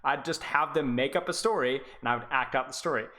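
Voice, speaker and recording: A man chats casually on a live stream as an esports coach. His voice is bright and forward, and he rambles, stutters and restarts his sentences as he goes. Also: medium pitch, fast talker.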